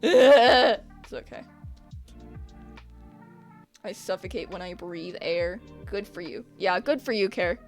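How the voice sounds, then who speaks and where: Drawing on stream, a teen girl answers her chat with sarcastic teasing and frequent laughter. She has a lowish voice, speaks at normal speed with hardly any pauses, and soft music plays behind her.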